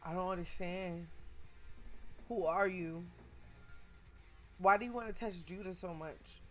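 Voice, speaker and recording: A woman's voice: fairly low pitch, steady tone, measured pace, fairly bright tone, soft background music. A woman reading the lines of a tired, wounded young female manga character. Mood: weary.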